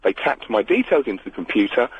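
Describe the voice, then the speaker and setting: A man from Britain with a slightly croaky voice calling a radio show, explaining his case earnestly. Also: medium pitch, sing-song, quick pace, a little hiss or hum. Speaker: caller. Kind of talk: phone-in chat. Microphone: telephone. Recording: lo-fi phone line.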